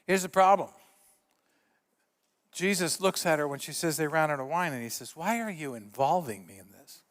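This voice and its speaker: A middle-aged male pastor preaching a sermon in a church, telling stories with lively voice shifts for the quotes. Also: fairly high pitch, normal speed, in a large hall. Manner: animated storyteller, acts out quotes with voice shifts. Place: church sanctuary.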